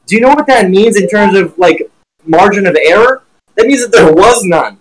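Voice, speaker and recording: A man teaching trading on a live stream with blunt, profane, animated talk while sharing his screen. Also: sits high, normal speed, poor audio.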